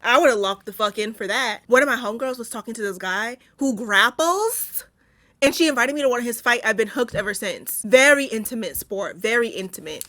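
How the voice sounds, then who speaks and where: A woman's voice: on the high side, lively intonation, brisk, a bit bright. A young woman giving a casual, profane and sassy recap of a film for her channel, full of joking asides. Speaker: YouTuber. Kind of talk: casual movie recap commentary.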